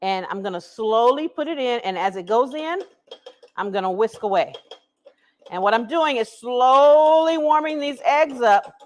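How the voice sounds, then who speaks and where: Woman, high voice, live cooking host, chatty, home kitchen. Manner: chatty, laughing, talks straight to viewers. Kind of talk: live cooking stream chat. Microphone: camera she set up herself.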